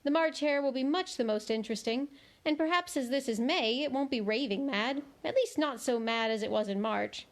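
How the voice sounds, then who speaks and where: A curious, prim young storybook girl talking to herself with polite exasperation, as a woman reading aloud voices her. The voice is fairly high and lightly lifted. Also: moderate pace. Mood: musing.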